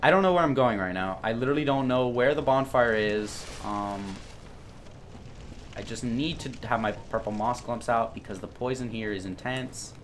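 A young man giving blind let's play commentary as a gaming YouTuber, swearing and swinging from low grumbling to loud outbursts. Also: normal speed, a little hiss or hum.

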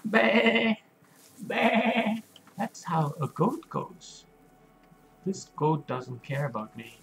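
A man's voice: a little high, animated, creaky, a little hiss or hum, low-quality recording. A man narrating his video game play for young children, speaking simply and asking them questions as he goes. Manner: slow, simple and questioning, talks to young viewers. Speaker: game streamer for kids. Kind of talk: gentle gameplay narration for children.

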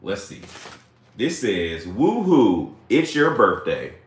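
A man's voice: lowish voice, wildly swooping pitch, slow pace, reverberant. A man hosting a casual live stream from home, chatty, laughing often and reading messages aloud.

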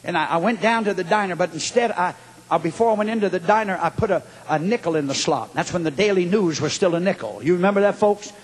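A man preaching a fiery revival sermon with a husky voice, dropping low to tell a story and rising to shouts. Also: quick pace. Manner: swings from low storytelling to shouted high exclamations. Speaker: evangelist preacher. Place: large hall at a revival meeting. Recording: long hall reverb.

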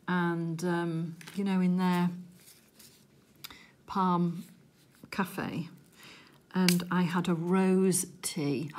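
A middle-aged woman from England chatting casually to viewers while she crafts, giggly and easily excited. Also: on the low side. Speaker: crafting vlogger.

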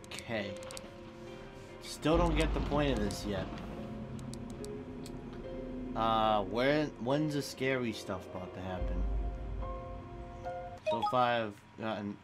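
A young man giving loud, excitable gameplay commentary, swearing and laughing often. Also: lowish voice, unhurried, pauses often, music in the background. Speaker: gaming YouTuber.

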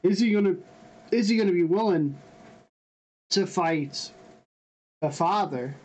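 High-voiced man hosting a reaction. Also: measured pace, poor audio. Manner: excited, speculative chatter. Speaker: reaction channel host. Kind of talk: casual reaction chat.

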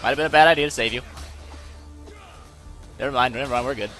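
A young man hosting a gaming channel, giving excitable let's-play commentary and yelping when things go wrong. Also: medium pitch, fast talker, faint music behind. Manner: excitable, yelps and laughs when in trouble.

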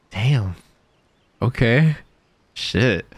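A man chatting casually on a live stream as he reacts to a video. He rambles, swears and laughs easily, and his pitch swings widely. The sound is dry and close. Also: no echo.

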